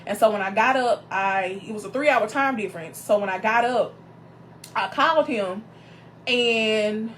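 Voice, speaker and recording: A woman minister hosting her show, telling a personal story in a casual, animated way, calling her viewers y'all and greeting them by name as they join. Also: on the high side, moderate pace, a little hiss or hum.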